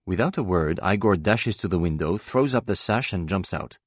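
A man with a very deep, low voice reads a first-person novel aloud. His delivery is measured, with a dry, ironic edge, and the sound is close and dead. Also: expressive, no echo. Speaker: audiobook narrator. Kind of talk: scripted first-person narration.

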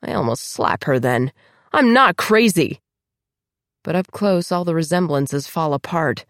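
Low-voiced woman narrating an audiobook. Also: moderate pace, dry recording, studio quality. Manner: tense, emotional reading. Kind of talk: first-person audiobook narration.

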